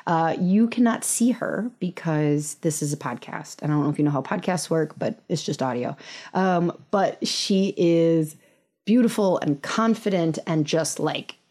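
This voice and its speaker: A woman's voice: low voice, unhurried. A woman from Southern California hosting a podcast, giving a chatty, reassuring intro and pep talk. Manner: gentle, reassuring, chatty with fillers. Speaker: podcast host.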